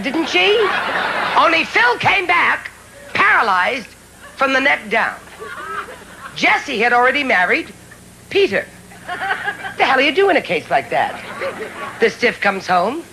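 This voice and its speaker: A woman's voice: sits high, vocal fry, background noise. A woman performing a live stand-up routine, brassy and teasing the crowd, with audience laughter behind her. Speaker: stand-up comedian. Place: comedy stage before an audience.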